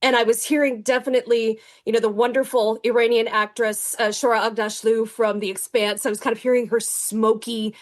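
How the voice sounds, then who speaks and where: A woman's voice: on the high side, little pitch movement, brisk, few pauses. Chatty woman author. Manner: chatty, with frequent fillers and restarts. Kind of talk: reading acknowledgments, then casual interview talk.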